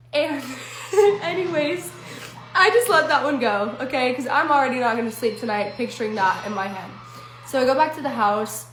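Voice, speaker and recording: A young woman tells a creepy story from her own life in a casual storytime, talking into her phone. Her voice sits a little high and bounces around a roomy, echoey space. She swears freely and keeps turning to the viewers. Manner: chatty, swearing, asides to viewers. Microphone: phone selfie video. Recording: echoey room.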